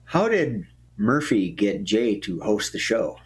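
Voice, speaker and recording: A man's voice: on the low side, sing-song, slow pace. Playful man hosting a live improv show. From Minnesota. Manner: playful, laughs often.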